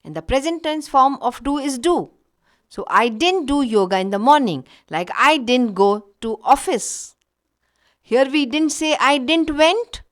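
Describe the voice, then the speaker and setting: A woman gives a recorded grammar lesson in a fairly high voice that rises and falls a lot. She speaks slowly and patiently, stopping to give example after example. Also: animated. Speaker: English teacher.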